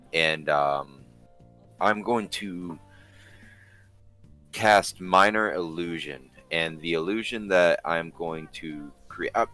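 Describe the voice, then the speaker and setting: A man playing a tabletop game, describing his character's sneaky actions in casual table talk while thinking aloud with frequent pauses. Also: sits low, bright, forceful tone. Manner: thinking aloud, pausing with ums and restarts.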